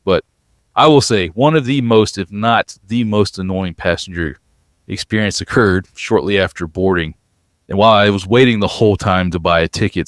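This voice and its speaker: A man co-hosting a podcast, telling a long travel story in an animated way and sounding worn out. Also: low-pitched, no echo, clean studio sound. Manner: animated storyteller, acts out quoted voices. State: exhausted after a long travel day. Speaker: podcast co-host.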